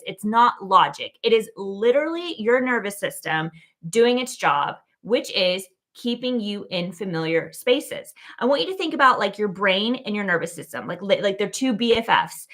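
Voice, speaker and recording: A woman hosting her own show, giving a casual, animated motivational talk full of "like" and "okay?". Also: fairly high pitch. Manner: animated, chatty, lots of "like" and "okay?". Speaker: keynote speaker and show host.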